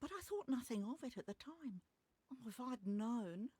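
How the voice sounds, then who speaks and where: A loyal, anxious house servant with an Australian accent in a video game. She gives her account earnestly in a fairly high voice, recorded close and dry. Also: animated, moderate pace, dark tone, breathy edge, no room sound. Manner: earnest, eager testimony.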